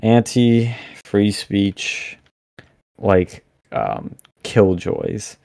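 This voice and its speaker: A young man talking as a podcast guest, animated and blunt, rambling with lots of fillers over a remote mic. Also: lowish voice, very slow, gravelly, no echo, clean studio sound. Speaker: podcast guest, campus event organizer. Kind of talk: casual podcast interview.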